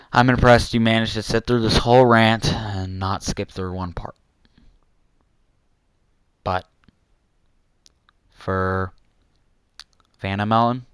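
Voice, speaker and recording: A young man rants at his audience in an angry, repetitive way, swinging between insults and apologies. His lowish voice is smooth and clear, and he talks slowly. The sound is dry and close. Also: no room sound. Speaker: youtuber ranting to viewers. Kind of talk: angry rant vlog.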